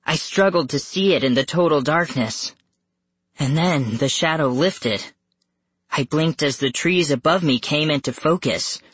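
An audiobook narrator reading a first-person spooky story slowly and suspensefully. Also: mid-range voice, fairly bright tone, no echo. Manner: slow, measured and suspenseful, rising tense at scary moments. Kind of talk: first-person scripted horror narration for young readers.

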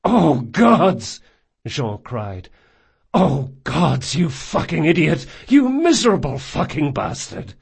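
A man voicing a big, loyal male thief, swinging between raw shouts and hushed, gentle speech. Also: mid-range voice, normal speed, breathy edge. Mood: anguished.

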